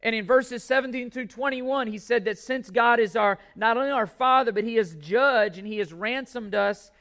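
A man's voice: very high voice, moderate pace, a bit bright. A male pastor delivering a sermon to his congregation in a church, emphatic and repeating key words for stress.

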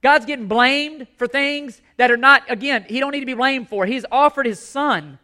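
A man's voice: very high-pitched, normal speed, pushed and bright. A male pastor preaching a sermon, impassioned and emphatic, repeating his key points.

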